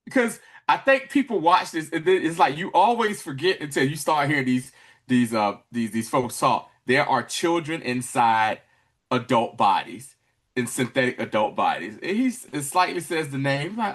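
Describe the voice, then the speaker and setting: A man's voice: mid-range voice, normal speed. A man hosting a podcast, recapping a TV episode in casual chat and acting out the scenes. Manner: animated, acts out scenes. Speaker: podcast host.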